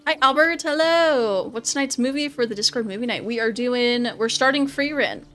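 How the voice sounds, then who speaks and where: A woman streamer chatting casually over gameplay, laughing often and repeating herself when excited. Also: a little high, a little fast, soft background music.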